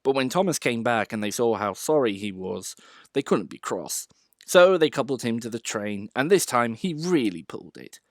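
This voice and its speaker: Man narrating a storybook, animated. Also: mid-range voice, moderate pace, no room sound, clean studio sound. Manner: expressive reading aloud.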